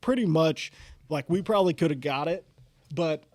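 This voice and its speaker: A man's voice: on the high side, normal speed, darkish tone, dry recording. A man co-hosting a podcast, telling a hunting story in a rambling, profane way, full of fillers. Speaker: podcast co-host. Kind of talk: casual storytelling chat.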